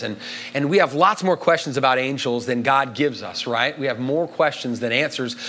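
A man's voice: a little high, fairly bright tone. A man preaching a sermon to a congregation in an emphatic, conversational way, often checking in with the listeners. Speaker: pastor.

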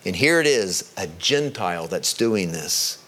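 A man preaching a sermon, stressing key words and slowing down to drive his points home. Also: animated, bright, forceful tone. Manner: emphatic, rises in pitch on key words, slows to stress points.

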